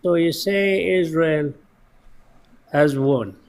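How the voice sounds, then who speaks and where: A man's voice: a little high, slow pace, a little mellow, a little hiss or hum. A man from Ireland with a strong Irish accent, calling into a live debate and pressing with rhetorical questions. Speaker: debate caller.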